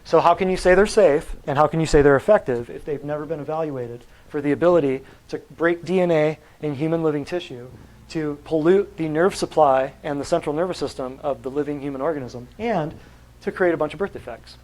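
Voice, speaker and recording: A man with a slightly higher voice lectures a live audience on natural health. He is emphatic and blunt, often firing questions at the room to drive each point home. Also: a little fast, a little mellow, poor audio. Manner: blunt and combative. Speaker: natural health practitioner giving a talk.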